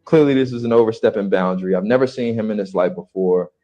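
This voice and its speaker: A man's voice: on the low side, fast, dark tone, muffled recording. Blunt man retelling an uneasy story. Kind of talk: personal storytelling.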